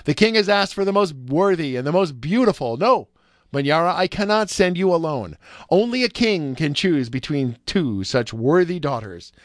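A proud, loving father from a storybook, as a male reader voices him, warm but firm. The voice is raised and lively, and it is recorded dry and close. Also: fairly high pitch, moderate pace, dry recording, close to an everyday voice. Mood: fatherly.

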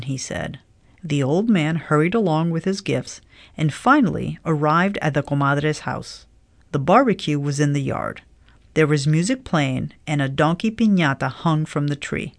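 A woman narrating a children's storybook aloud in a gentle, even read-aloud manner. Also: sits low, moderate pace, gravelly, dry recording. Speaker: storybook reader.

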